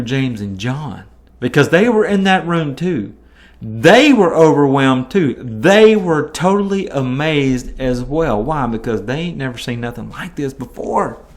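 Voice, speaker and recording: A man hosting a Bible teaching podcast, talking in a relaxed, conversational way. His voice sits a little higher than most men's. He gets animated when he acts out what people said. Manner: lively, conversational, swings into animated quoted voices. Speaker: podcast host teaching scripture.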